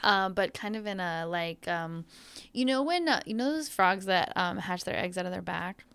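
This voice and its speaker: Smooth-voiced chatty young woman host. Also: fairly low pitch, expressive, normal speed, fairly bright tone, no echo. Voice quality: chatty, lots of "like" fillers. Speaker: podcast host. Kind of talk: casual podcast chat.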